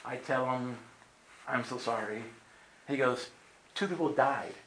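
Animated male preacher in a roomy hall. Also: mid-range voice, unhurried, a little hiss or hum. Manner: animated storyteller acting out voices. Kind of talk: storytelling sermon. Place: meeting room with audience.

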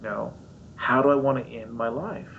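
Man preaching, lively storyteller, jumps up into squeaky voices, dull lo-fi sound, faint rumble behind. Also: normal speed, creaky. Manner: animated storyteller acting out his own voice and others, high squeaky jumps. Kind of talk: sermon storytelling.

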